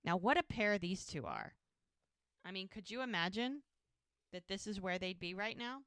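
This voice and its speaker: A woman's voice: medium pitch, big pitch swings, normal speed, fairly bright tone, clear, resonant tone, dry recording, clean studio sound. A woman co-hosting a podcast, casually recapping a TV episode scene by scene and acting out the characters' lines. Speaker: podcast co-host.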